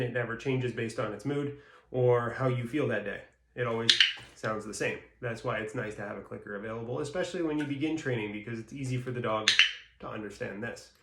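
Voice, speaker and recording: A man's voice: medium pitch, fairly bright tone, slight background noise. A man gives a dog-training lesson, walking through ideas in a plain, explanatory way. His voice sits in the middle of the male range. The recording has a noticeable roomy echo around it. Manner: plain explanatory, acts out baby-talk praise in bursts. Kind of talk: instructional talk.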